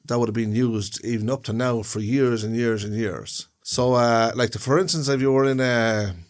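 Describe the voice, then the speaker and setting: A man's voice: medium pitch, steady tone, moderate pace. A man co-hosting a podcast in casual chat, explaining things at length with long rambling examples. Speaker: podcast co-host.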